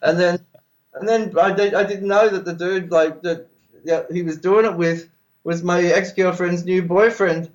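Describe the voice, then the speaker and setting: A man's voice: high voice, steady tone, normal speed, highs cut off. A man with an Australian accent, a podcast guest telling rambling stories in casual chat, swearing freely and laughing as he goes. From Melbourne, Australia.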